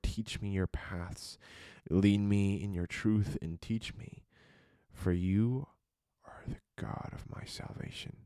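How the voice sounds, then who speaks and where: A man delivers a devotional sermon in a very low, gravelly voice. He talks slowly and softly, drifting often into whispers. The recording is close and dry, with no room sound. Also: no echo. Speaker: preacher.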